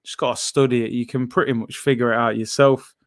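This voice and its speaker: Smooth-voiced man, casual chat. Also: mid-range voice, fairly even intonation, fast, no room sound, studio quality. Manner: casual, slangy, reads chat aloud. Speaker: football watchalong host. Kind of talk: live match watchalong chat.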